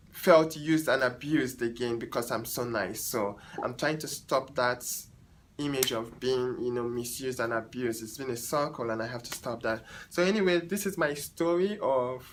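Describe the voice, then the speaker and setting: A hairstylist from Africa telling a story to viewers, chatty, animated and exasperated. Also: male voice, mid-range voice, a little hiss or hum, rough recording. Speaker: hairstylist and vlogger. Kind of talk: storytelling vlog.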